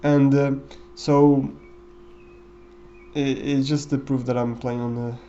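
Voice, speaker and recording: A man talks through his game run in a loose, rambling way, full of fillers and self-corrections. His voice sits at an ordinary middle pitch. The recording sounds a little dull and lo-fi, with a faint hiss behind it. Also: little pitch movement, takes it slowly, warm tone. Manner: rambling, with many fillers and restarts. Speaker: gameplay commentator. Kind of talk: casual gameplay commentary.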